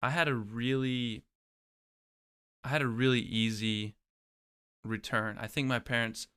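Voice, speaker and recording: A man's voice: mid-range voice, fairly even intonation, measured pace, fairly bright tone, clean tone. A young man, a guest in an interview, telling his own story in a reflective way and often restarting his phrases. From Oklahoma, USA. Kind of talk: casual personal storytelling.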